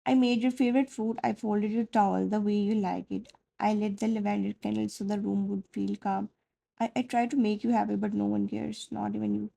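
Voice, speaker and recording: A fragile, tearful young wife, as a woman reads her out in a storybook-style narration, soft and wounded in her pleading. The tone is dark and mellow with a gravelly creak underneath. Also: mid-range voice, little pitch movement, brisk. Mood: hurt.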